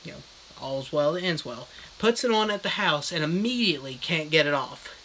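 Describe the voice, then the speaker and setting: Crude, rambling man with a bright voice. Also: on the high side, expressive, moderate pace, a little hiss or hum, low-quality recording. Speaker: book reviewer streaming live. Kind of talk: comedic casual recap.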